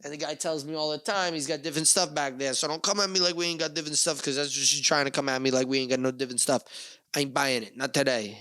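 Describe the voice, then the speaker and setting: A man hosting a solo podcast, rambling casually, losing his train of thought and then rushing ahead in excited bursts. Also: fairly high pitch, clear, resonant tone. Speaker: podcast host.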